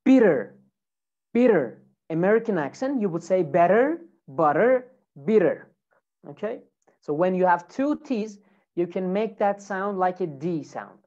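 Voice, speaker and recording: Woman teacher, lowish voice, drills words with emphasis, dull lo-fi recording. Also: lively intonation, moderate pace, mellow. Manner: demonstrative, repeating example words with exaggerated emphasis. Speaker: English pronunciation teacher. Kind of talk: classroom pronunciation lesson.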